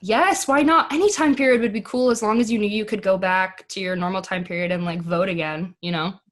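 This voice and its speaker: Chatty young American woman, bubbly. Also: mid-range voice. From United States. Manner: bubbly, lots of "like" and quick asides. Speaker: podcast guest, actress. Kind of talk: casual chat.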